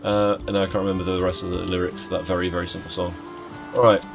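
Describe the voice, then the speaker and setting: A man's voice: sits low, little pitch movement, fast, vocal fry, over music. A young man chatting casually to his live chat as he streams a game, greeting viewers by name and joking around.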